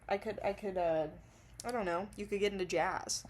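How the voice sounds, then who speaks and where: A woman's voice: mid-range voice, normal speed. A woman rambles to the camera in a loose, casual vlog monologue while intoxicated. She giggles and swears freely as she wanders from one thought to the next. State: under the influence. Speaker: vlogger.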